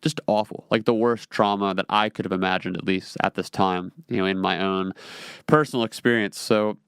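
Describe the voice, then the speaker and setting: A man's voice: deep voice, steady tone, moderate pace, fairly bright tone, clear, resonant tone, no room sound, studio quality. A man in his twenties, a podcast host, telling a personal story in a casual, rambling way with lots of fillers and restarts.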